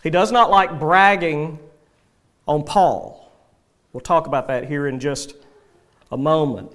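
A man preaching an expository sermon to his congregation, reading scripture and explaining it in a measured, emphatic way. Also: a little high, fairly bright tone. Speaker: pastor.

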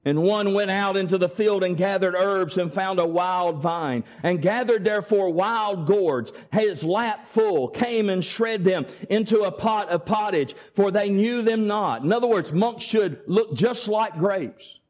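A man preaching a sermon, emphatic and deliberate, with dramatic pauses. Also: high-pitched, a little mellow.

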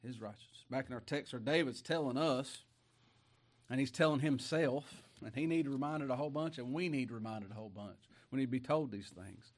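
A middle-aged man preaching a folksy sermon, moving from quiet asides to emphatic raised lines. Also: medium pitch, brisk. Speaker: pastor.

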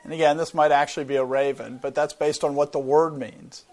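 A man's voice: on the high side, fairly even intonation, a little fast, darkish tone. A man teaching a Bible sermon, explaining things earnestly and often repeating words as he thinks. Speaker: preacher.

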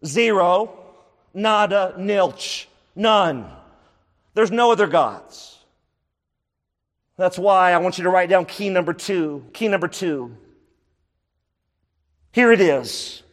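A male pastor with a high-pitched voice preaches an emphatic sermon slowly, pausing often and repeating key phrases for emphasis. A long reverb surrounds his voice, as if he's in a large hall.

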